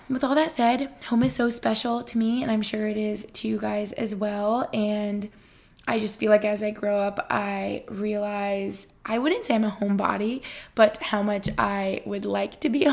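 Chatty young woman with vocal fry. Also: medium pitch. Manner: chatty, bubbly, lots of fillers. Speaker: podcast host. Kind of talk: casual solo podcast chat.

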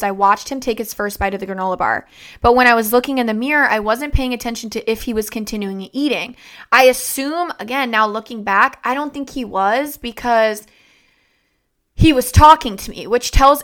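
A young woman hosting her own show, telling in a halting, emotional way, with many fillers, how her father died. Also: a little high, sharp tone, clear, resonant tone. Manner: tearful, halting retelling of a family loss, many fillers. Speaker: podcast host. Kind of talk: emotional personal storytelling.

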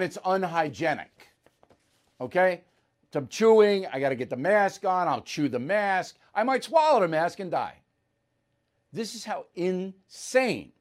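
A male talk host delivering blunt, combative opinion commentary with mocking asides. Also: a little high.

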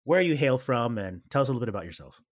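A man's voice: mid-range voice, very animated, racing, dry recording, studio quality. A man hosting a podcast, asking questions in a rambling, friendly way. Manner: rambling, friendly, many fillers and restarts. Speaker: podcast host. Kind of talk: casual interview chat.

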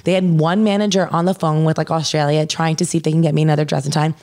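Young woman w a low voice, like every other word, cursing casually, chatty story. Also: flat delivery, fast talker, a little mellow. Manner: says "like" constantly, swears casually.

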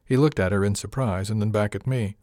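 A man narrating a first-person story in a measured way, giving characters light voices. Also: fairly low pitch, a little mellow, no echo, studio quality. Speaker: audiobook narrator.

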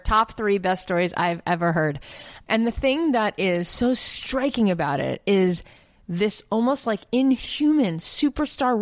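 A woman hosts a casual interview, responding to her guest with open enthusiasm. Her voice sits at a middle pitch. The recording is dry and close. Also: no room sound. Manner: enthusiastic, admiring. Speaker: podcast host.

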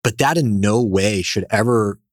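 A man, a company founder, telling energetic stories as a guest in a casual interview. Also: fairly low pitch, a little slow, no echo, clean studio sound. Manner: animated, energetic storyteller.

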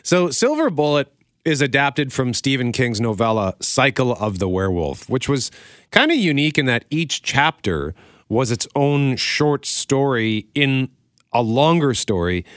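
A man's voice: medium pitch, no room sound, clean studio sound. A man in his forties hosting a casual show, chatty and laughing often as he tells stories. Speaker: radio show host reviewing movies. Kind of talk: casual chat.

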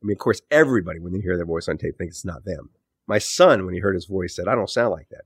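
A middle-aged man with a low-pitched voice speaks thoughtfully as an interview guest. He restarts his sentences and lets his phrases sink off quietly. His voice is recorded close and dry, with no room sound. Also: animated, quick pace, breathy edge, dry recording. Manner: thoughtful, self-correcting, trailing off low at phrase ends. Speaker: author and podcast host, guest. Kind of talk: conversational interview answers.

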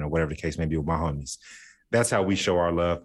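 A man's voice: deep voice, fast. A man co-hosting a casual chat, playful and jokey, laughing as he imitates his friends. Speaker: podcast co-host.

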